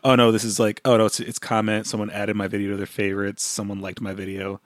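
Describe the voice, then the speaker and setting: Podcast guy rambling, all excited, kinda sarcastic, dry close mic. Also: fairly low pitch, fast talker, dry recording. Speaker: podcast co-host. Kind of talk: casual chat.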